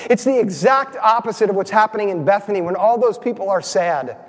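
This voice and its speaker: A male pastor with a high voice delivers a sermon in a church sanctuary. He keeps the congregation involved, checking in with quick questions, and his words ring out with a long reverb through the hall. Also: expressive. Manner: engaging, asks the congregation questions.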